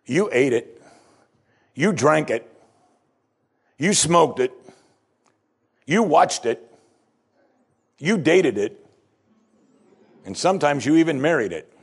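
Husky-voiced male preacher, animated delivery. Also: fairly high pitch, slow, pauses often. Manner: emphatic preaching with wide swings between loud and hushed. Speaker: pastor. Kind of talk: sermon.

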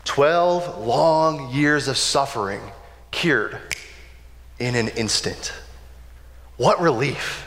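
A man preaching a sermon in a relaxed, conversational way, often checking in with "right?". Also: mid-range voice, drawn-out words, pauses often, slight background noise. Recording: long hall reverb.

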